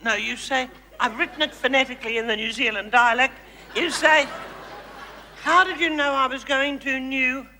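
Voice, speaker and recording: Comedy stage: a man as a very high-voiced, condescending housewife megastar, in a reverberant hall. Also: brisk, sharp tone, exaggerated voice. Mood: grand. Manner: theatrical, condescending, gushing endearments. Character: flamboyant gushing suburban housewife turned megastar, woman. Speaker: host directing audience volunteers. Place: large hall.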